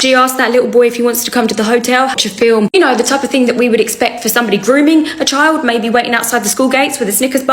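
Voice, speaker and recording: A woman telling a comic story to camera in a wry, sarcastic, animated way. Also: a little high, quick pace, hardly any pauses. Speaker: storyteller vlogger.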